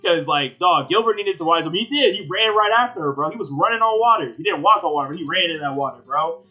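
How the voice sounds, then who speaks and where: A man's voice: fairly high pitch, lively intonation, fast, sharp tone, muffled recording, faint music behind. A young man co-hosting a casual anime review podcast, rambling along in slang full of "like" and "bro". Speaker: podcast co-host.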